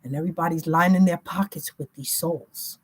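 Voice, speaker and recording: A woman's voice: deep voice, steady tone, brisk, husky. A woman giving an emphatic, repetitive spiritual reading in a slangy, casual way. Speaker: spiritual reader.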